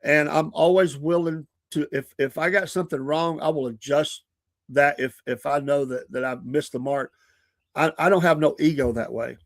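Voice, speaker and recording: A man hosts his own live podcast, talking earnestly and at length while often laughing at himself. His voice sits a little higher than most men's. The sound is dry and close to the mic. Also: steady tone, normal speed, no room sound. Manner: earnest, rambling, self-deprecating, laughs often. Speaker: podcast host. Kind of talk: casual talk on a live stream.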